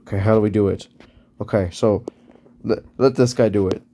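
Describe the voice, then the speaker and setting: A man's voice: fairly low pitch, fairly even intonation, moderate pace, dark tone, a little hiss or hum. A man casually narrating as he draws, rambling and correcting himself in an offhand way. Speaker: video creator. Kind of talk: casual narration while drawing.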